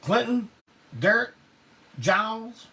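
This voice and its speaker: A man's voice: high-pitched, lively intonation, slow, sharp tone. Laid-back man telling stories, distant mic. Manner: laid-back Southern drawl, salty, laughs often. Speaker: host of a live online show. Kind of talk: casual storytelling to a live audience. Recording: distant mic with faint background noise.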